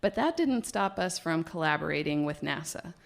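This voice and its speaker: A woman biologist telling a personal story live on stage, animated and laughing, with hesitations and fillers. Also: low voice, moderate pace, gravelly.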